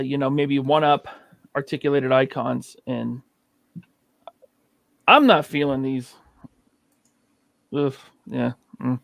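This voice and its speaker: A man's voice: medium pitch, vocal fry, a bit bright, no echo, clean studio sound. A man co-hosting a podcast, talking earnestly in casual chat with many hesitations. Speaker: podcast co-host.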